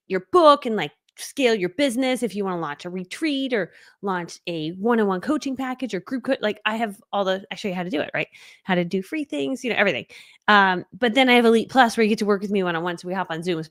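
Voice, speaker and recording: A woman in her forties talks fast and excitably, running a casual live training full of rambling asides. Her voice is recorded close and dry, with no room sound. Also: medium pitch, dry recording. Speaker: business coach.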